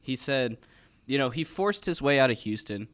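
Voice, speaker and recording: A man's voice: medium pitch, lively intonation, normal speed, a bit bright. Casual male podcast host. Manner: conversational, with frequent fillers and restarts.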